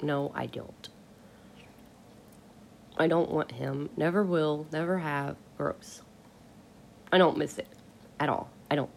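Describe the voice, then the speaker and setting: A woman's voice: sits low, slow, creaky, long pauses, a little hiss or hum. A woman hosting a casual solo podcast, ranting bluntly and with exasperation, swearing casually. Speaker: podcast host.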